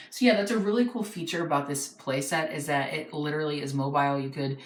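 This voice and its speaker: A man chatting excitedly in a casual toy review vlog, talking freely with frequent ums. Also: on the high side, fast, hardly any pauses. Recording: echoey room.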